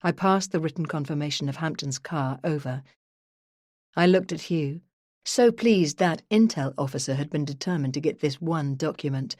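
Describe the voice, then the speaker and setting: Low-voiced woman reading first-person true crime. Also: moderate pace, darkish tone, no room sound, studio quality. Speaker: audiobook narrator.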